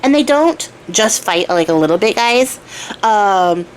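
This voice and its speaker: A woman's voice: mid-range voice, animated, measured pace, a little hiss or hum. A young woman retelling a fairy tale in a chatty, irreverent way with casual swearing. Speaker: storyteller and crafter. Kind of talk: casual storytelling.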